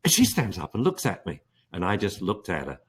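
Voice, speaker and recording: A man's voice: low-pitched, a little fast, slightly rough. Older guy, dog trainer, voice jumps all over, acts out little quotes, chatty webinar. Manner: animated storytelling, acts out quotes. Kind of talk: live webinar chat.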